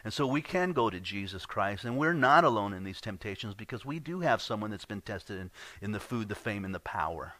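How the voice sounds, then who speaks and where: A man's voice: fairly low pitch, lively intonation, brisk, few pauses, a bit bright, no echo. A man preaching a sermon as pastor, earnest and conversational, often repeating words as he goes.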